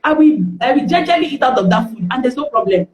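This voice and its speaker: A woman's voice: high-pitched, quick pace. A woman with a Nigerian accent, a guest speaker telling candid stories on a live stream and acting out the dialogue in them. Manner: lively, acts out dialogue in the stories. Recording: roomy echo.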